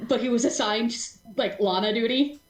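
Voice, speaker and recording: A woman narrating as game master of a tabletop role-playing session, animated, laughing often and stumbling over restarts. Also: fairly high pitch, moderate pace, roomy sound, low-quality recording.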